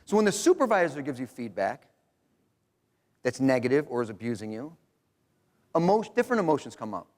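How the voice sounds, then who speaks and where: Middle-aged professor, animated and wry, speaking at a conference in a reverberant hall. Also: male voice, mid-range voice, a little fast, long pauses. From Rochester, New York. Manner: joking, animated, conversational lecturing. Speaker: professor presenting research. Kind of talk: conference talk.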